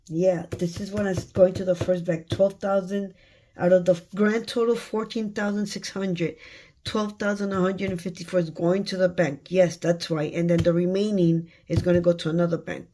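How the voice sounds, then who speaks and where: A woman counting cash aloud for her budgeting vlog, murmuring numbers and thinking out loud. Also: lowish voice, a little hiss or hum. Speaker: budgeting vlogger.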